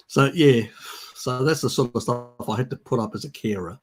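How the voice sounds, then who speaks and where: A man's voice: medium pitch, fairly quick, husky. A man hosting a livestream, answering viewer questions in a chatty, rambling way. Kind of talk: casual livestream Q&A.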